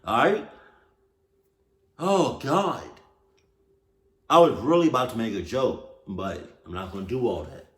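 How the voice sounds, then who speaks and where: A man's voice: medium pitch, expressive, measured pace. A man hosting a reaction video, talking casually with slang and swearing as he blurts out reactions. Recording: roomy echo.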